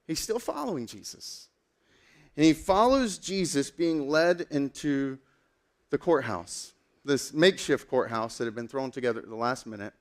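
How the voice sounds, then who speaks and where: A man preaching a sermon as a pastor, telling a story in a casual, animated way with lots of fillers. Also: mid-range voice, normal speed.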